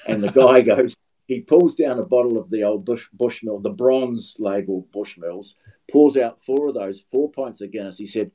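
A man's voice: medium pitch, normal speed, mellow, lo-fi sound. An older man with a New Zealand accent, a guest commentator telling anecdotes in casual podcast chat, often restarting his sentences. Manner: anecdotal storyteller with many restarts.

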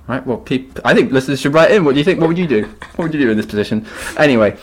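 A man's voice: mid-range voice, expressive, very fast. A man co-hosting a casual book podcast, playfully retelling the plot and acting out the characters' voices. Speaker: podcast co-host.

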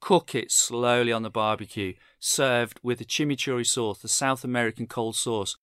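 Man in his fifties, blunt candid chef guest, mid-pitched, dry close sound. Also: fairly even intonation, moderate pace, a bit bright, clean tone, no room sound. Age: 50s. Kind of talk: podcast interview.

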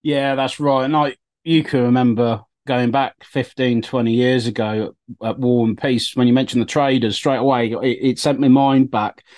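A man's voice: medium pitch, steady tone, normal speed, hardly any pauses, darkish tone. A man co-hosting a podcast, chatting in an easygoing, hesitant way that trails off. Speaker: podcast co-host. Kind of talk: casual chat.

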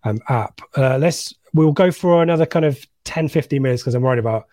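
A man co-hosts a casual live stream, reading viewer comments aloud with lots of ums and restarts. His voice sits at an ordinary pitch. The sound is dry and close. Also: a little fast, warm tone, no echo. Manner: rambling, many ums, reads names aloud. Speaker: co-host of a live fan stream.

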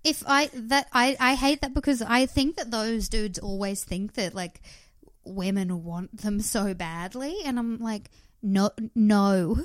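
A woman's voice: a little high, a little slow, a bit bright, no echo. Agreeable woman co-host chatting. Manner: agreeable, chatty, trails off into laughter. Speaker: podcast co-host. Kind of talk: casual chat.

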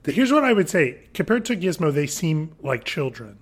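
A man's voice: on the high side, sing-song, moderate pace. A man co-hosting a podcast in casual chat, chiming in with corrections, extra details and dry jokes. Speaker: podcast co-host. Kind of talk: casual chat recapping a film.

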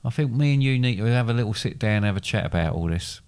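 A man's voice: lowish voice, animated, fast, darkish tone, clear, resonant tone. A middle-aged man co-hosting a casual podcast with his son, joking and rambling through playful asides. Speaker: podcast co-host, the father. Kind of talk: casual chat.

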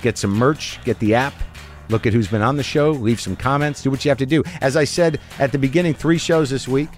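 A man's voice: mid-range voice, a little fast, faint music behind. A middle-aged man hosting a podcast, talking in a wry, rambling way with lots of restarts. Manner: rambling, wry, self-interrupting. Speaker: podcast host. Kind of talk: casual conversation.

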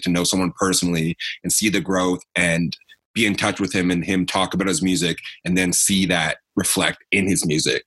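A man's voice: sits low, fairly bright tone, slightly rough. A young man co-hosting a podcast, chatting casually in a laid-back, slangy way and laughing often. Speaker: podcast co-host. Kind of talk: casual chat.

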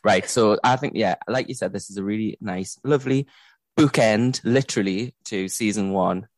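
A man's voice: on the low side, moderate pace, dry recording. A British man co-hosting a podcast, chatting casually, joking, swearing freely and laughing often. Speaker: podcast co-host.

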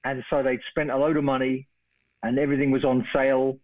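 A middle-aged English man spins a long, animated anecdote and slips into the voices of the people in his story. His voice comes through a narrow, tinny phone line. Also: medium pitch, brisk. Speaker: guest storyteller. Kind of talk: casual anecdote on a phone call.

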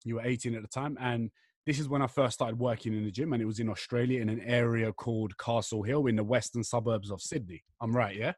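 An English man in his young adult years hosts a casual podcast, talking in a loose, rambling way full of slang. His voice sits at an ordinary middle pitch. The recording is dry and close, with no room sound. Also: steady tone, fast, no echo. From England. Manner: chatty, rambling, slangy banter. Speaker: podcast host. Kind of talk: casual chat.

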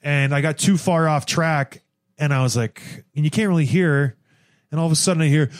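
A young man chatting casually as a guest, telling animated stories and acting out what people said. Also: on the high side, quick pace. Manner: animated storyteller, acts out quotes. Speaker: podcast guest. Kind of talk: casual chat.

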